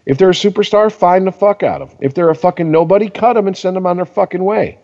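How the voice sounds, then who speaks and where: A man's voice: sits high, fast, big-room sound, highs cut off. A man ranting in profane casual sports chat as a podcast co-host. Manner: ranting, heavy swearing, animated.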